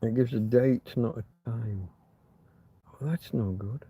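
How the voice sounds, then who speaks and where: A man hosting a casual late-night livestream from his bed, rambling and chatty, talking to his dog in a soft doting voice between asides to his viewers. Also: mid-range voice, slow, slightly rough. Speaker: livestream host. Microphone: phone camera held close.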